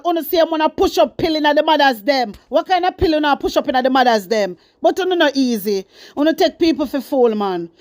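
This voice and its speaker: Fiery Jamaican woman, high voice. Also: dry recording, studio quality. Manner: fiery, scolding, repeats herself for emphasis. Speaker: commentary host. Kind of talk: casual news commentary.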